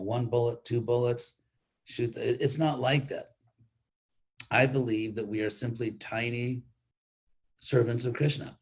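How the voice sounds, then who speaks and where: An older man gives a spiritual class in a husky, slightly breathy voice. He talks casually and rambles through restarts, with a dry, joking edge. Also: medium pitch. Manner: conversational, rambling, with restarts and wry humor. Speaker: spiritual teacher giving a class. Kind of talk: informal sermon with storytelling. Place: online class stream.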